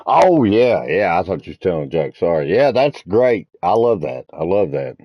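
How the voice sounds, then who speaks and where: A man's voice: low-pitched, very animated, moderate pace, husky, dry recording, highs cut off. A man streaming a multiplayer game, chatting casually and crudely with friends, telling rambling stories and teasing them. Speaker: gaming streamer.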